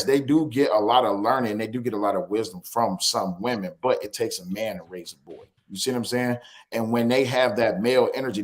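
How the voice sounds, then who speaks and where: A man hosting a casual talk, with speech that tumbles out quickly. He is blunt and swears freely, and he hammers his points by repeating them. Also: medium pitch. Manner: blunt, profane, emphatic, repeats phrases for stress. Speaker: podcast host. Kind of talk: casual discussion.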